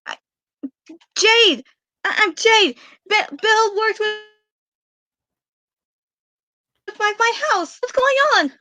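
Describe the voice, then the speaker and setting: A woman's voice: very high voice, unhurried, sharp tone, no echo, heavily acted. A woman playing a frightened young woman in a tabletop game, speaking in a frantic stammer. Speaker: player. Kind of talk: voicing a character in a tabletop game.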